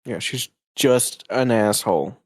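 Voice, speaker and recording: Unhurried and medium-pitched, this man co-hosts and edits a casual podcast, calling in on a home mic. His talk is rambling and full of cursing, with sentences that trail away and begin again. The recording is dry.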